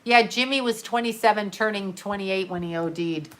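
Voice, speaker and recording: A middle-aged woman hosting a livestream, talking in a halting, emotional way with many fillers and restarts, grieving and swearing casually as she reads viewer comments. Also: medium pitch. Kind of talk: unscripted livestream talk.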